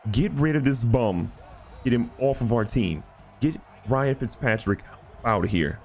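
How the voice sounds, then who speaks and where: A man giving excited, joking gameplay commentary as a gaming YouTuber. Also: mid-range voice, a little slow, soft background music. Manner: animated, joking, trash-talking.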